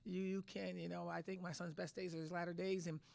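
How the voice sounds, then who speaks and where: A woman's voice: lowish voice, little pitch movement, fairly quick, gravelly, a little mellow, dry recording. A middle-aged woman head coach answering press conference questions with emphatic, restarting speech. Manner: emotional, repetitive restarts, emphatic.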